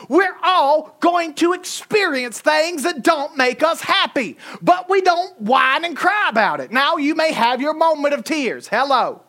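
Southern-accented woman preacher, humorous and emphatic sermon delivery, very animated pitch. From Southern United States. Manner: animated, humorous, emphatic, swings between loud and soft.

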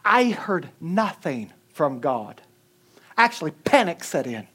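A man preaching a sermon, telling a story with humor and quick chuckles. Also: fairly high pitch, very animated, a bit bright, breathy edge. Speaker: pastor.

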